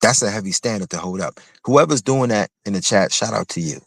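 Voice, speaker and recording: A man with a low-pitched voice delivers a heated commentary rant on his own livestream. He speaks in a confrontational, mocking way, repeating his phrases. The sound is dry and close, with no room around it. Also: expressive, a little fast, creaky, no echo. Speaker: livestream host.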